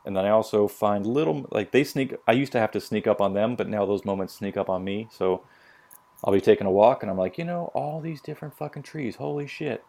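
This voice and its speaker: A man's voice: on the low side, steady tone, fairly quick, a little mellow. A man, a military veteran, telling stories on a casual podcast in a blunt, profane way and acting out what people said. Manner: profane, blunt, acts out quotes.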